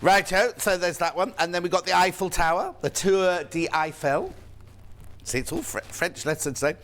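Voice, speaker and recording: A man's voice: high voice, lively intonation, normal speed, fairly bright tone. A man presenting a live shopping channel show, chatty and playful, reading out viewers' messages. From United Kingdom.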